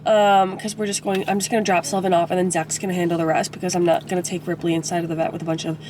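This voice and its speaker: A woman's voice: lowish voice, level tone, racing, roomy sound, background noise. Chatty congested young woman vlogging. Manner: rambling, filler-heavy, chatty. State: congested, stuffy nose. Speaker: vlogger, new mother. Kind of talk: casual chatty vlog. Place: at home and in a car.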